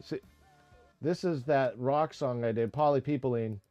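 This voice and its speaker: A man hosts a casual live stream about making music, wandering from thought to thought with lots of fillers and restarts. His voice sits at an ordinary pitch. The recording is dry and dull, with a muffled lo-fi quality. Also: measured pace, warm tone, dry recording. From United States. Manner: rambling, with many fillers and restarts. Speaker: music-producer streamer hosting a chat.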